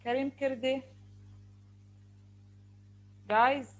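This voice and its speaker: A woman's voice: high-pitched, steady tone, very slow, dull audio, slight background noise. A woman teaching an online English lesson over a video call, asking questions over and over in a firm way.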